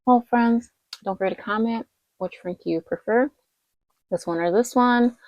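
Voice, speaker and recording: A woman's voice: a little high, moderate pace, lo-fi sound. A woman casually reviewing dolls in a rambling, chatty vlog, tired late at night. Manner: chatty and rambling, lots of fillers and self-corrections. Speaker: doll collector vlogger.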